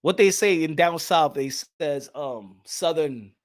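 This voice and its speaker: High-voiced profane New York man. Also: slow. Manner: loose, swearing, laughing often. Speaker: boxing channel host. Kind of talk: casual profane monologue.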